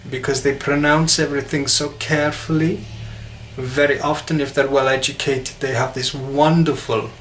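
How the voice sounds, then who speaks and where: An English man with a medium-pitched voice talks casually to the camera, stumbling over restarts and quick to run himself down. He is an English teacher explaining things to learners. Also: a bit bright. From England. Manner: hesitant, self-deprecating, frequent restarts.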